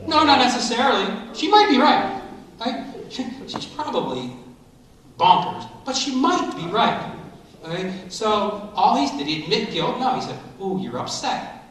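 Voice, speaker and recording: A middle-aged man speaks to a school assembly in a high, bright voice that swings widely as he jokes and coaches. He sounds distant from the mic. His voice echoes heavily around a large hall. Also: normal speed. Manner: animated, coaching and joking. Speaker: motivational speaker.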